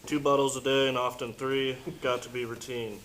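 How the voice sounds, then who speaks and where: A man in a study class reading a passage aloud in a steady, plain way. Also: mid-range voice, moderate pace, slight background noise, low-quality recording. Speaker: class reader.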